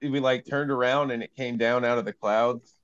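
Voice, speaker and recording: A man's voice: mid-range voice, fairly even intonation, normal speed, clear, resonant tone, dull audio. A young man telling a story in a casual, rambling way full of fillers, heard over a video call. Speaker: panel guest.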